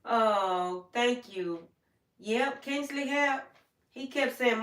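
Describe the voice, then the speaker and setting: A woman's voice: a little high, drawn-out words, fairly bright tone, recorded from a distance. An older woman hosting a livestream, telling her personal story in a heartfelt, plain-spoken, repetitive way. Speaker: livestream host. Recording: echoey room, voice away from the mic.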